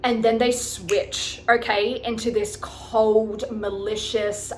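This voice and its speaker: A woman's voice: fairly high pitch, level tone, slow, hardly any pauses, a little hiss or hum. A woman life coach giving casual, frank advice to her viewers, swearing freely and often checking in with them. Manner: frank and chatty, swears casually, keeps checking in with "okay, guys?".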